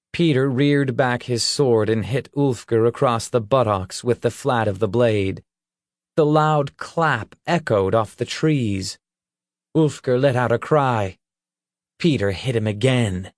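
A man narrating a fantasy audiobook in a steady, measured storytelling voice. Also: on the low side, no echo, clean studio sound.

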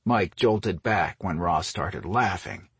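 A man reading an audiobook story in a steady, measured narration. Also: low-pitched, husky, no echo. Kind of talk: scripted narration.

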